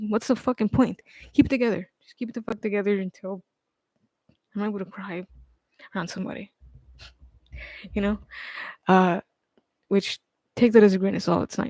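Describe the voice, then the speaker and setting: A man chatting casually on a livestream, rambling and hesitant with lots of fillers, restarts and casual swearing, often trailing off quietly. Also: sits high, gravelly, dry recording.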